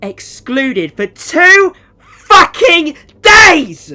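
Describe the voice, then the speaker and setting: A man voicing a furious, bitter middle-aged mother who screams in high, strained bursts. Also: wildly swooping pitch, moderate pace, pushed and bright, exaggerated voice. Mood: screaming.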